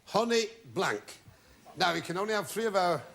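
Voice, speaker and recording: A man hosting a TV game show with wisecracking jokes and drawn-out asides to the audience. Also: sits high, animated, gravelly. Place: TV studio with a live audience. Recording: loud studio audience and noise from an old TV broadcast.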